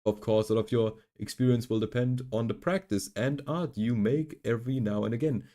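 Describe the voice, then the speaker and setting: A man's voice: medium pitch, fairly even intonation, brisk, dark tone. A man speaking English as a second language chats casually on a game stream in a mid-range voice. He rambles and thinks aloud, with plenty of "like" and "you know". Faint game music sits underneath. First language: not English. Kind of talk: casual gaming stream chat.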